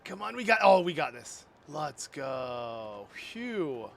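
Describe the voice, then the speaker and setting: A man streaming a game live, chatting casually with his viewers in an excitable, talkative way and laughing often. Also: on the high side, slow pace, gravelly.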